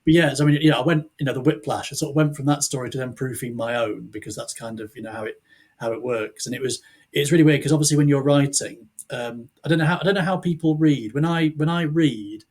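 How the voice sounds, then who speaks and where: Man, husky, podcast guest, casual rambling chat, self-interrupting. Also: mid-range voice, fast, darkish tone.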